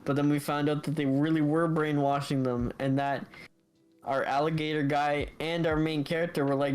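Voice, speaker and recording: A man on a casual podcast, retelling anime scenes with lots of laughter and a lively, bouncy delivery. His voice sits a little on the high side, with faint music playing underneath. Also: normal speed, clean tone. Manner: animated, laughs often, mimics characters while retelling. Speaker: podcast co-host. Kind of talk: casual chat recapping anime episodes.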